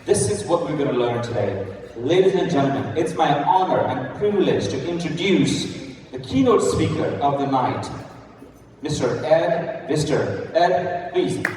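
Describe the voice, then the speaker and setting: A man's voice: a little high, lively intonation, moderate pace. Male event host, emphatic and repetitive, captured from a distance in a reverberant hall with faint background noise. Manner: emphatic, repeats key phrases. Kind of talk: speaker introduction.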